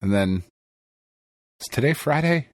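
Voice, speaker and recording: A man co-hosting a casual podcast, telling stories full of swearing and quick laughter. His pitch swings widely as he talks, and the recording is dry and close with no room echo. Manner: profane, animated storytelling with frequent laughs. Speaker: podcast co-host. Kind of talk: casual chat.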